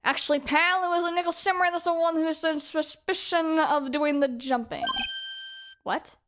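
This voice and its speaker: A woman voicing a gruff, bumbling male police detective over game music. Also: very high-pitched, fairly even intonation, moderate pace, a bit bright. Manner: blustery, says pal a lot.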